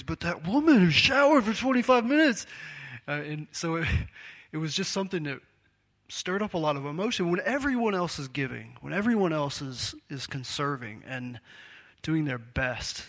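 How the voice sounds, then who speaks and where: A man's voice: on the high side, fairly bright tone. A man preaching a sermon in a conversational, storytelling way, acting out the quotes he tells.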